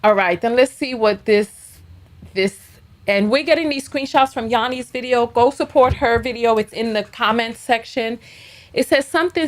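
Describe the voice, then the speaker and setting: A woman's voice: fairly high pitch, moderate pace. A woman hosting a reaction show, commenting casually and bluntly while reading messages aloud. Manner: chatty and blunt, reads screenshots aloud.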